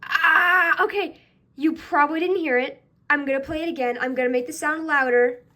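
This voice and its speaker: A woman's voice: high voice, fairly even intonation, normal speed, bright, forceful tone. A woman reacting to her own old comic dub, laughing at herself and giving chatty tips. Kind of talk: casual reaction commentary.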